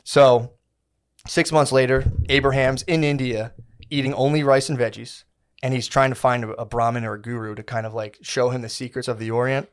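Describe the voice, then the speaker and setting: A man of middle pitch co-hosts a podcast, telling a story in loose, slangy chat. He swears freely and drops into little voices for the people he describes. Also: steady tone, fairly quick, clear, resonant tone. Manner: rambling, slangy, profane, acts out quotes. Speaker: podcast co-host.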